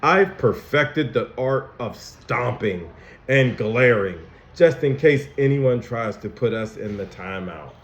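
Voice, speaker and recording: A man voicing Anger, a grumpy male emotion character, with a growly, gruff, emphatic delivery, reading a picture book aloud to young children. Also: mid-range voice, lively intonation, slow pace. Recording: dull, echoey room recording.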